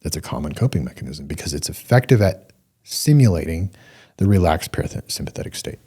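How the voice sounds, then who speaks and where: Low husky man giving earnest advice. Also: big pitch swings, brisk, dark tone. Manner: earnest, coaching, repeats points for emphasis. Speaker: podcast host. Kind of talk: solo motivational talk.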